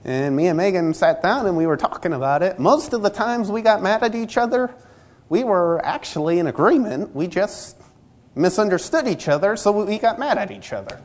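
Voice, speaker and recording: A man's voice: high-pitched, expressive, normal speed. A man preaching a sermon in a conversational way, acting out little scenes and voices from everyday church life. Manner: conversational, acts out dialogue in anecdotes.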